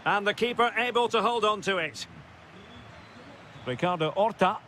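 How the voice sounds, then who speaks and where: A man's voice: sits high, expressive, moderate pace, pushed and bright, slight background noise. A man voicing a football play-by-play commentator in a video game, calling the action in short bursts that rise sharply at chances and goals. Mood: lively.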